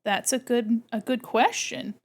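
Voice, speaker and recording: A woman's voice: fairly even intonation, a little slow. A young woman chatting casually and playfully on her art livestream while she draws, talking into a desk microphone. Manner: playful, chatty, imitates her cats with squeaky noises. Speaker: art streamer.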